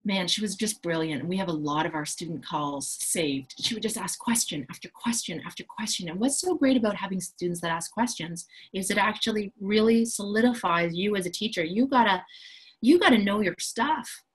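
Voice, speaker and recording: A woman's voice: medium pitch, moderate pace, breathy edge, low-quality recording. A woman who runs a coaching school, explaining her programs in an enthusiastic, self-assured, chatty way. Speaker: empowerment coach and school founder. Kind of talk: promotional explainer talk.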